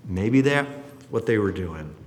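A man preaching a sermon in an animated way, acting out the people in his stories. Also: lowish voice, a little slow. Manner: animated, acts out quotes. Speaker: pastor. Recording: roomy hall reverb.

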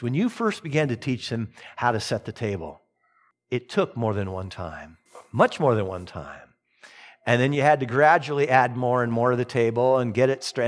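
A middle-aged man preaching a sermon as a pastor, talking in an animated way and acting out voices in his stories. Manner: animated, swings pitch widely, mimics voices in anecdotes.

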